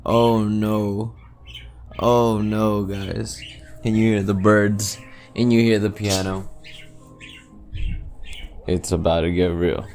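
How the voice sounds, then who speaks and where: Brief: man in solo podcast chat, unhurried, somewhat low, loose and profane, faint hiss behind. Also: darkish tone. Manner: rambling, swears freely, laughs often. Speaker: podcast host. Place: home by a window.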